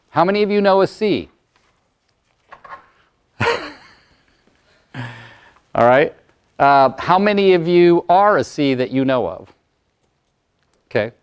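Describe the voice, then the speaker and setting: A man in his sixties, a motivational speaker and coach, telling stories and acting out voices in a lively workshop talk to an audience. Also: a little high, clear, resonant tone, dull audio. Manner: animated storyteller, acts out client voices.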